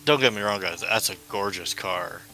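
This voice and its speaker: Brief: man, low pitch, very bright, forceful tone, wry and laid-back player. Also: normal speed, soft background music. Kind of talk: casual tabletop play.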